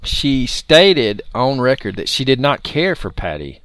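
A man's voice: mid-range voice, very animated, a little slow, fairly bright tone, no room sound. Amused man telling a story on a podcast. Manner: amused, storytelling, laughs often. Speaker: podcast host. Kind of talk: casual chat, reading story notes aloud.

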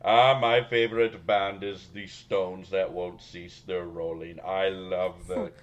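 A man voicing an excitable male fan who mangles pop-culture references, in a put-on Indian accent with a gushing, drawn-out delivery. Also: low voice, highs cut off. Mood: excited.

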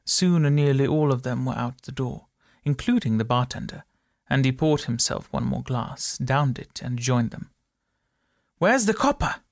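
A man reads a story aloud at a steady, measured pace on a close studio mic. His mid-pitched voice has a gravelly texture, and the recording is dry, with no room sound. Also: no room sound. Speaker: narrator. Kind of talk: audiobook narration.

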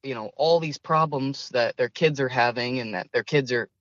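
Being interviewed as a student guest, a young man talks earnestly, a little hesitantly, and restarts often. At a moderate pace, his middle-range male voice sounds a bit bright, captured in a slightly dull, lo-fi recording with no room echo.

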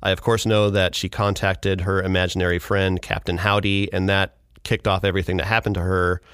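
A man's voice: deep voice, level tone, a little fast, a bit bright, clean tone, dry recording, clean studio sound. A man hosting a podcast, narrating a scripted segment in a casual, wry way. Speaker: podcast host.

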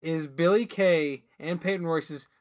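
A man with a high voice co-hosts a casual podcast. He rambles, breaks off mid-thought and starts over. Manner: rambling, halting, full of restarts. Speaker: podcast co-host. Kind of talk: casual chat.

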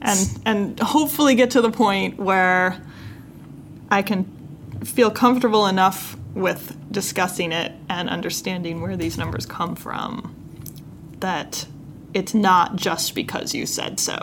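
A woman's voice: mid-range voice, fairly even intonation, unhurried, slight background noise. A woman co-hosting a casual talk as the learner, wry and chatty. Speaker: podcast co-host learning investing. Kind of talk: casual chat.

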